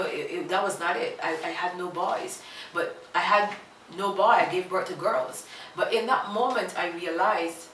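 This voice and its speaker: A woman's voice: lowish voice, bright, forceful tone. Earnest woman telling her story, echoey room. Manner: earnest, repeats phrases, quotes both sides of a conversation. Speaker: vlogger telling a personal story. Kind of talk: emotional personal storytelling. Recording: echoey room, voice a bit far from the mic, faint noise.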